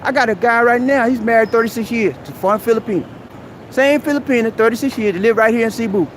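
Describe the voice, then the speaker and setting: This man's voice is extremely high-pitched and fast, with a little hiss or hum in the recording. Hosting a live stream outdoors at a busy mall, he delivers a preachy motivational advice rant, calling the listener "man."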